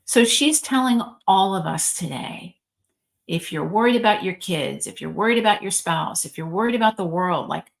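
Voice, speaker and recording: A woman's voice: mid-range voice, vocal fry. A woman, a reverend, telling a religious story in an informal spiritual talk, chatty, with frequent ums and likes.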